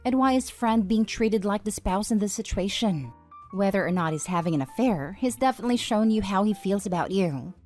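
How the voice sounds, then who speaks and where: Female narrator reading posts, mid pitch, steady delivery, faint music bed. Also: fairly quick. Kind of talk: reading online posts aloud.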